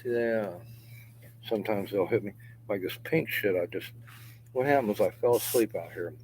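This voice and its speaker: A middle-aged man with a deep, low voice rambles on in a long profane monologue, chuckling between phrases. He often sinks into mutters and near-whispers. A faint hum sits under the outdoor recording. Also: moderate pace, a little mellow, rough recording. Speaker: vlogger. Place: outdoors in a yard.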